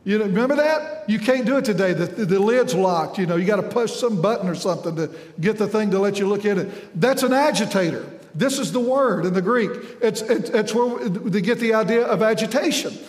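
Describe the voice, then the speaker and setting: A man's voice: high-pitched, a little fast, hardly any pauses. A man preaching a sermon in a folksy, conversational way. He quizzes the congregation and often trips over repeated words. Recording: echoey hall with long reverb.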